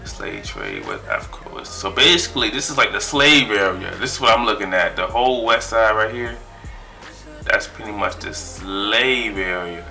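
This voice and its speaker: Bright-voiced young man vlogging excitedly. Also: lowish voice, normal speed, vocal fry, soft background music. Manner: excited, chatty, trails off while reading. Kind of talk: casual vlog, reading results aloud.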